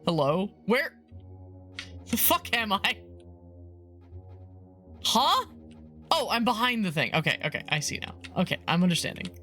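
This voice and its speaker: A woman's voice: mid-range voice, very animated, unhurried, pauses often, fairly bright tone, soft background music. A woman streaming a game, reading its eerie text aloud and chatting casually, laughing often and swearing now and then.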